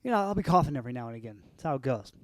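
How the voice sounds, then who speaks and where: A podcast co-host tells loose, rambling, profane stories in casual chat, with a slight cough. His medium-pitched voice is expressive and racing, and there's no echo.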